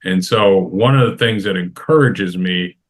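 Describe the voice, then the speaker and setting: A middle-aged man speaking in a fairly low voice on a casual roundtable discussion. He lays out practical advice with conviction, leaning on repetition to drive each point home. His delivery is firm and conversational. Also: measured pace. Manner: emphatic, repeats phrases for stress, gives advice. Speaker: roundtable panelist.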